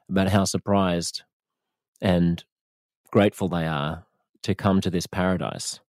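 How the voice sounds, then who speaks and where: A man's voice: low-pitched, a little mellow, no echo, studio quality. A man with an Australian accent, a radio host giving earnest, reflective commentary. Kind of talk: spoken commentary.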